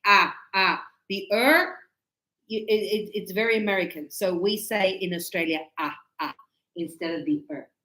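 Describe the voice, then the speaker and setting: A woman teacher explaining grammar to students in a classroom, animated and emphatic, acting out little dialogues. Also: medium pitch. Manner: emphatic, teasing. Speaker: English teacher. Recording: echoey room.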